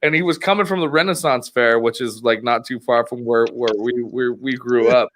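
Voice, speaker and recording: A man's voice: medium pitch, moderate pace, a bit bright, a little hiss or hum. A man hosting a podcast, telling a long, profane story in casual chat, laughing often and rambling with restarts. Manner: rambling, profane, laughs a lot, acts out quoted voices. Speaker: podcast host.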